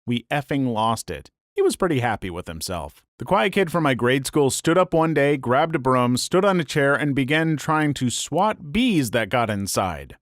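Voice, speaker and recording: Lively man narrating comic stories. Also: medium pitch, moderate pace, few pauses, dry recording, studio quality. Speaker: story narrator. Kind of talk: scripted narration of online stories.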